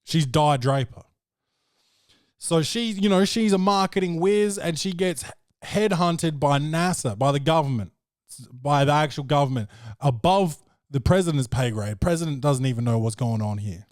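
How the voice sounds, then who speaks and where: A podcast host recaps a film in a brash, profane, joking way, keeping it a casual review chat. His voice is a little high and darkish in tone, delivered at a moderate pace. The recording is dry, with clean studio sound.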